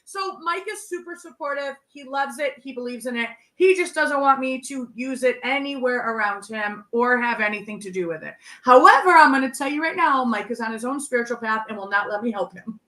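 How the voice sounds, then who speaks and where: Bright, chatty woman telling stories fast. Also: fairly high pitch. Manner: chatty, laughs often, quick animated storytelling. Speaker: guest medium. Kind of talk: casual chat.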